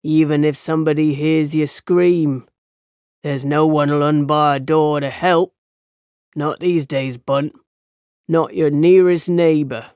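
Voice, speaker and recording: A man's voice: a little high, fairly even intonation, slow, darkish tone, clean tone, dry recording, clean studio sound. A man reading a fantasy novel aloud as narrator, giving the characters' dialogue small shifts of voice. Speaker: audiobook narrator. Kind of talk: scripted narration.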